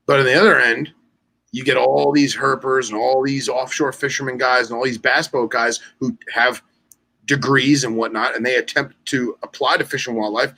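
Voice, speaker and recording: A man chatting loosely on a podcast with a bright, forward tone. He tells stories in an animated way and jumps into voices for the people he quotes. His speech stays loose, full of "like" and restarts, at an ordinary middle pitch. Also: fairly quick, gravelly, low-quality recording. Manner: animated storyteller acting out quoted dialogue; loose, with many fillers and restarts. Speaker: podcast co-host. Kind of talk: casual chat.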